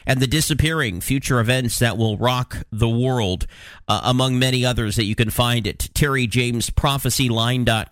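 A man's voice: mid-range voice, fairly bright tone, no echo, studio quality. A man hosting a talk show, running through news headlines with sarcastic, plain-spoken commentary and frequent fillers. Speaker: podcast host.

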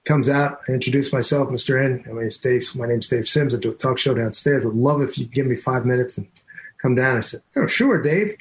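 An older man, a radio talk host, recounting a memory in a lively, excited way. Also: mid-range voice, brisk, slight background noise, poor audio. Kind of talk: casual radio storytelling.

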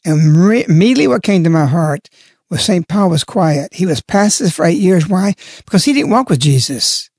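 A man's voice: high-pitched, animated, moderate pace, darkish tone, husky, dry recording, clean studio sound. A man giving a spoken religious reflection, stressing and repeating key words as he explains. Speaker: lay religious speaker.

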